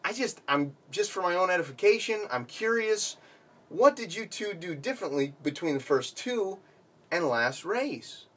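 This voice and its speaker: A man voicing a polite, inquisitive talking dog who calms two arguing horses. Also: sits high, normal speed, breathy edge, voice pushed up, exaggerated voice. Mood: curious.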